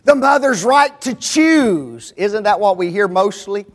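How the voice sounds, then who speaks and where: A man with a strikingly high voice delivers a sermon to his congregation. He presses each point hard and keeps asking pointed rhetorical questions. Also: lively intonation, unhurried.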